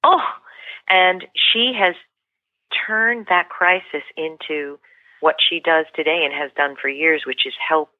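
A leadership coach and author, appearing as a podcast guest, speaks in a low voice at a measured pace. Her storytelling is heartfelt and sincere, broken up by many restarts. The phone-line audio is tinny and dry, with no room sound.

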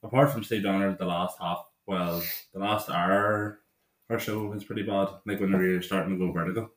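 A man's voice: low-pitched, fairly even intonation, normal speed, echoey room. A young man, chatting casually as a podcast co-host and telling stories with plenty of swearing. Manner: swearing, storytelling, laughs often. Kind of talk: casual chat.

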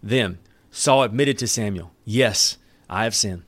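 A man preaching a sermon, reading scripture aloud and commenting on it in an earnest, emphatic way with dramatic pauses. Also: lowish voice, fairly bright tone, no echo. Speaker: pastor.

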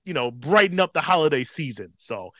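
A man in his thirties co-hosting a casual podcast chat, relaxed and profane, with a slight tickle in his throat. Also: a little high, a little fast, no room sound. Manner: laid-back, profane, chuckles often. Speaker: podcast co-host.

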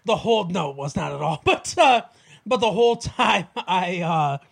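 A young man co-hosting a podcast, chatting casually in a rambling way, with quick laughs and many restarts. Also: high-pitched, expressive, vocal fry. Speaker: podcast co-host. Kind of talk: casual chat.

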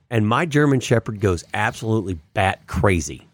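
A man with a low voice co-hosts a casual podcast, rambling through a story with restarts. His pitch swings widely as he talks, and the sound is dry and close-miked. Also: normal speed, no room sound. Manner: rambling, animated anecdotes with laughs. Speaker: podcast co-host.

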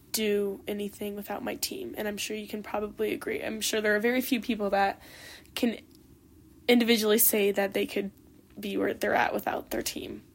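Casting: young woman in her late teens, solo podcast host, a bit high-pitched with a gravelly fry, candid and heartfelt. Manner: candid and heartfelt, full of "like" and "you know". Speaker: podcast host and competitive swimmer. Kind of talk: reflective solo podcast monologue.

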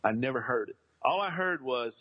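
A man's voice: mid-range voice, expressive, a little fast, breathy edge, dull audio. A man telling a funny childhood story in a loose, rambling way, with plenty of fillers and restarts. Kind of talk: casual comic storytelling.

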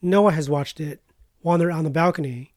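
A woman's voice: low-pitched, fairly quick, darkish tone, no room sound, clean studio sound. A woman in casual conversation, walking through a film's plot step by step with small hedges. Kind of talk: casual movie recap chat.

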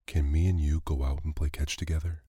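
A man's voice: very deep voice, level tone, brisk, warm tone, breathy edge, no echo, studio quality. A man voicing an eager, slightly whiny little boy in a bedtime storybook.

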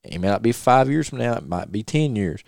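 A man's voice: mid-range voice, lively intonation, a little fast, vocal fry, darkish tone, no room sound, clean studio sound. A middle-aged man from North Carolina, a podcast host earnestly telling a personal story and retelling advice he got. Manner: earnest, repeats himself, quotes advice at length. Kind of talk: casual chat, personal storytelling.

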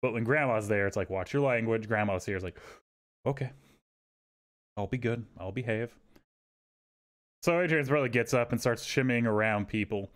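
A man's voice: lowish voice, normal speed, pauses often. A man on a podcast telling a rambling, profane story and acting out the people in it. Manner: animated, swearing, acts out quotes in raised voices. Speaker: podcast co-host. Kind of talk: casual storytelling chat.

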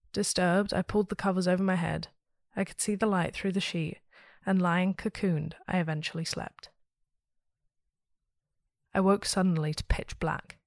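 A woman hosting a story podcast, reading a listener's ghost story aloud with steady, expressive storytelling. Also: lowish voice, vocal fry, no echo, clean studio sound.

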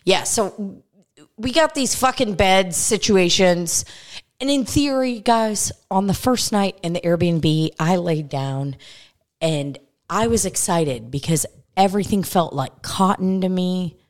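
A woman's voice: lowish voice, animated, slow pace. A woman with a Midwest American accent, co-hosting a casual podcast and telling a crude, exasperated story full of swearing. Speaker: podcast co-host. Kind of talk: casual comedic chat. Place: rented house in California.

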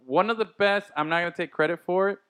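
A man co-hosting a casual podcast chat, animated and laughing, swearing freely. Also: high voice, fast talker, clear, resonant tone. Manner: animated, laughing, quotes film lines with gusto. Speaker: podcast co-host.

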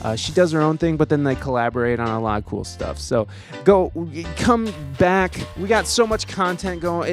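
A man hosting a podcast, casual and jokey, with loud laughs. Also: mid-range voice, moderate pace, vocal fry, faint music behind. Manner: animated, jokey, laughs loudly. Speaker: podcast host.

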